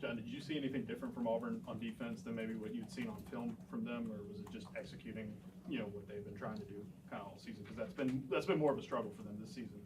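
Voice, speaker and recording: A man's voice: fairly low pitch, fairly even intonation, fast talker, hardly any pauses. A man reporting, asking a coach a long rambling question at a press conference. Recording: distant voice in a noisy room.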